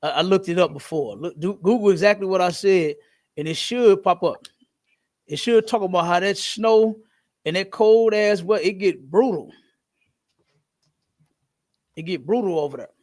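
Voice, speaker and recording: A man hosting a podcast in casual, slangy talk, telling stories in an animated way. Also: high-pitched, normal speed, pauses often. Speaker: podcast host.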